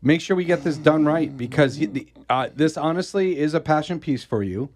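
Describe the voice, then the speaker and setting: A man co-hosting a podcast who teases his partner with quick jokes and asks listeners to chime in. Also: on the high side, a little mellow. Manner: teasing, quick-witted. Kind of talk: casual podcast banter.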